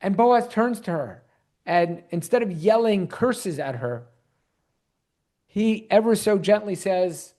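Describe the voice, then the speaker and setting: A man's voice: high-pitched, unhurried. A man, a rabbi, teaching an online Bible class and quizzing his listeners. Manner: animated, quizzes the audience.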